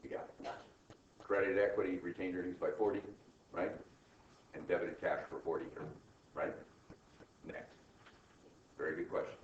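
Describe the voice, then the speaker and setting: A man lecturing an accounting class, brisk and coaching, firing rhetorical questions at his students. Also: sits low, fairly even intonation, a little hiss or hum. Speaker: accounting instructor. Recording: echoey classroom, distant mic, dull and lo-fi.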